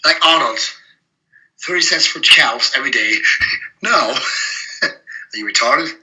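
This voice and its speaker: A middle-aged German bodybuilder, appearing as a guest in a casual interview, tells blunt, profane, animated stories and laughs often. His voice is medium-pitched and a little slow, and the recording is rough.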